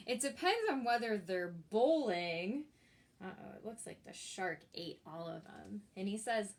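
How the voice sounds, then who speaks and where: A woman's voice: mid-range voice, animated, a little slow. A woman librarian reading a picture book aloud for children at storytime. She talks in a chatty way and asks the listeners questions. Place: library, recorded for an online video.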